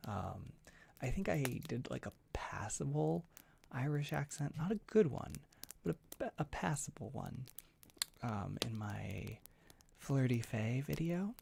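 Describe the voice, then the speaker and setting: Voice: mid-range voice, lively intonation, unhurried, gravelly, a little hiss or hum. A young adult livestream host chatting casually with viewers, laughing often and restarting sentences.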